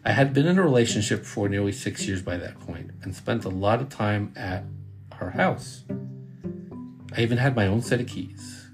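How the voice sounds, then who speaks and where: Brooklyn-raised guy in his middle years, lowish voice, laid-back wry storytelling, guitar music behind. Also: expressive, moderate pace. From Brooklyn, New York. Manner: casual, wry, sometimes swears. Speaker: podcast host. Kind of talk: personal storytelling narration.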